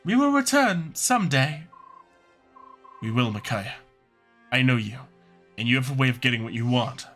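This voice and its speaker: A man voicing a loyal young male companion in a game, speaking low, steady and matter-of-fact. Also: moderate pace, long pauses, faint music behind, lightly acted. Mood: calm. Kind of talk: voicing game dialogue on a let's-play.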